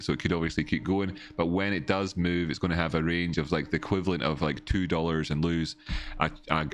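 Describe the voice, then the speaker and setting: A man talks through market charts on a casual home livestream, and his voice sits very low. He rambles, restarts his words and breaks off to chat with his viewers. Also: a bit bright. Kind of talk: casual live-stream chart analysis.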